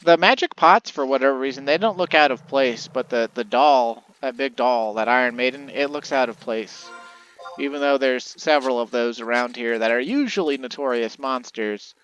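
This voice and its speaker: A man's voice: mid-range voice, normal speed, fairly bright tone, clear, resonant tone, muffled recording. A man hosting a let's play, rambling casually as he thinks aloud, with faint game music behind.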